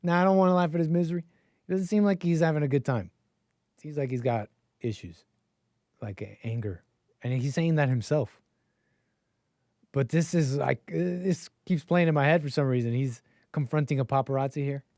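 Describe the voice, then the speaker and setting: A man's voice: a little high, moderate pace, pauses often, a little mellow, no echo, clean studio sound. A man hosting a call-in livestream, chatting casually and rambling with laughs. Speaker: call-in show host.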